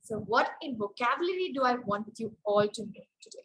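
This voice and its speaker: High-voiced woman teaching public speaking. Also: lively intonation, brisk, a bit bright, rough recording. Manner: explanatory and demonstrative, shifts tone and stress to model examples. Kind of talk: online workshop talk.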